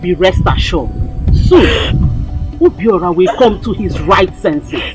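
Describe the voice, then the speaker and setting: A confident, animated mother figure, faint music behind. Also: fairly low pitch, slow pace. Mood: reassuring. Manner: soothing, lively and assured. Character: reassuring mother of a prince. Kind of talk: Nollywood film acting.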